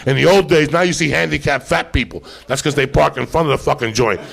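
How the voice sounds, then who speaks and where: A man hosting a live podcast, telling rowdy, profane stories in a loud, animated way. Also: on the high side, quick pace, vocal fry. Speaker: podcast host.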